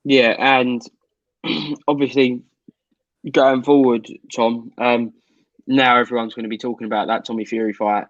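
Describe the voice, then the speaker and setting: A man's voice: mid-range voice, level tone, a little slow, no room sound. A British co-host who pushes back in a casual debate but stumbles over his words. His voice sounds dry and a little muffled. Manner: hesitant, stammers when pressed. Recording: dull dry mic.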